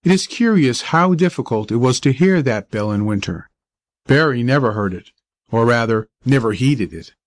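Steady male audiobook narrator. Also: medium pitch, normal speed, no echo. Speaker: audiobook reader.

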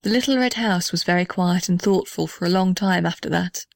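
A woman's voice: on the low side, fairly quick, gravelly, no room sound, clean studio sound. Woman reading a children's story. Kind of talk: scripted narration.

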